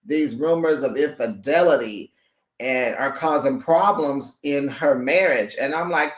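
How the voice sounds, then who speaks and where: A sassy, animated recap host who takes the talk slowly and laughs often, calling listeners honey and baby. The voice rings in an echoey room. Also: mid-range voice. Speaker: reality show recap host. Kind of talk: casual chat recap.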